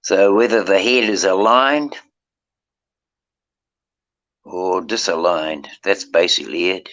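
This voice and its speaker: A man thinks out loud in a fairly low voice, circling back and restarting his sentences. The stream audio is dull and lo-fi, with the top end muffled. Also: slow. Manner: rambling, restarts often, reflective. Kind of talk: casual chat.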